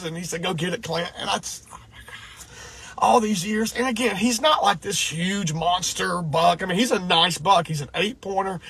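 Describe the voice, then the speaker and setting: Man, middle-aged, husky voice, fairly high-pitched, rambling, emotional storytelling. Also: fairly bright tone. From Georgia, USA. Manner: rambling, restarts and repeats himself, choked up. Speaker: deer hunter.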